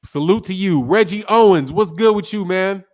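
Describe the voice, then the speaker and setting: A man's voice: high-pitched, moderate pace. Laid-back man greeting his live-stream chat. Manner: laid-back, says "man" constantly, shouting out names. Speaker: boxing YouTube host.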